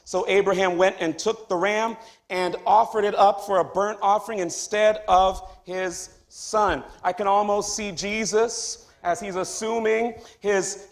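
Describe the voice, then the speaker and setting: Gravelly high-voiced pastor preaching. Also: male voice. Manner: swings from hushed to loud, high-pitched exclamations. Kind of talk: sermon. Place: church sanctuary.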